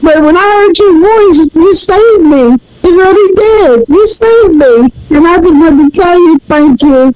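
A woman's voice: very high-pitched, expressive, unhurried, few pauses, crowd noise, low-quality recording. A woman in her sixties calling in, crying as she talks and repeating her thanks over and over. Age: 60s. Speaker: caller. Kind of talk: emotional phone-in call.

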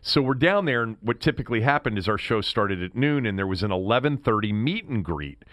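A man hosting a sports talk show, telling stories in an animated way. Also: lowish voice, a little fast, no room sound. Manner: animated storyteller. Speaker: sports radio host. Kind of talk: sports talk radio banter.

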